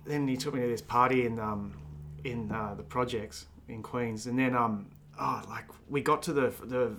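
A man's voice: medium pitch, steady tone, normal speed, background noise. A man with an Australian accent, rambling through anecdotes with many fillers and restarts in casual conversation.

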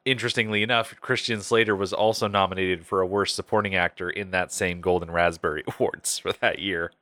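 A man's voice: deep voice, fairly even intonation, brisk, bright, forceful tone, no room sound. A man co-hosting a casual movie review podcast, reading out facts and critics' quotes and then adding wry asides. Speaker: podcast co-host.

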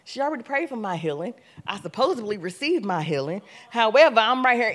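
A young adult woman giving a church testimony, telling her story with animation, acting out her own past words and rising to loud, emphatic preaching. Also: a little high, big pitch swings, a little fast, few pauses, breathy edge.

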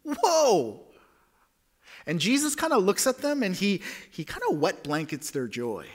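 A man, a pastor, preaching a sermon, swinging from hushed near-whispers to loud emphatic lines. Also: high-pitched, huge pitch swings, normal speed.

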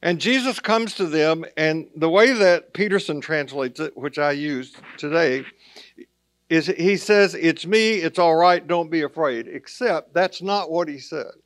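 A man's voice: on the high side, unhurried, dry recording, studio quality. A man preaching a sermon in a conversational way, with plain asides to the congregation. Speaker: pastor.

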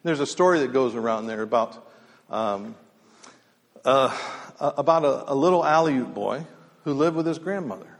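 A man telling folksy stories casually, with many fillers and restarts, in a halting, easygoing way. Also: mid-range voice, animated. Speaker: storyteller speaker. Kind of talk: casual spoken storytelling. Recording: long hall reverb.

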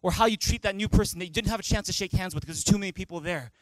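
A man's voice: sits high, rapid-fire, no room sound, poor audio. A male pastor preaching a sermon at a church service, emphatic and repeating key phrases, leading the congregation in reading aloud. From Canada.

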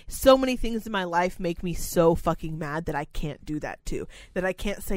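A woman's voice: fairly low pitch, expressive, a little fast, few pauses, darkish tone, no echo. A young adult woman chatting casually, swearing heavily and ranting emotionally about a game. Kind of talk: casual chat.

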